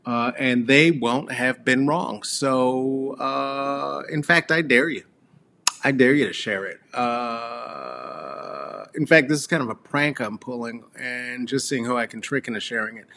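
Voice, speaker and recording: A man's voice: medium pitch, measured pace, bright, forceful tone. A middle-aged man hosting a rambling solo comedy monologue, crude and sarcastic, full of fillers and trailing asides. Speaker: comedy show host. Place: Colorado.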